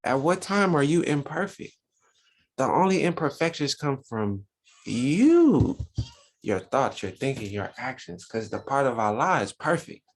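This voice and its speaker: A man leads a religious Sunday school class. His voice is a bit husky, and he talks with lively rises and falls in pitch. He keeps asking his listeners rhetorical questions. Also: measured pace. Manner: animated preaching, rhetorical questions. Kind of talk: religious teaching talk.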